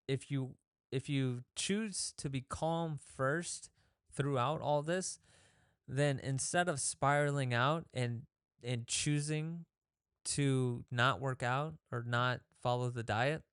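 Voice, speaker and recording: Male fitness host, smooth voice, dry close sound, casual coaching tone that acts out inner thoughts. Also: mid-range voice, a bit bright, no room sound. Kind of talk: casual motivational talk.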